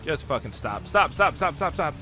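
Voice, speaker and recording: A young man streaming a video game, laughing constantly, swearing freely and bursting out in excitement. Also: fairly high pitch, moderate pace, faint music behind. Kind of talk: casual gameplay commentary.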